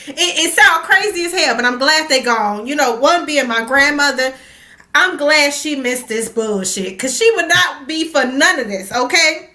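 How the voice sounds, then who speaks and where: A woman hosting an online comedy show, telling a stand-up bit in an animated, storytelling way. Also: high voice, reverberant. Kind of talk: stand-up comedy set and emcee banter.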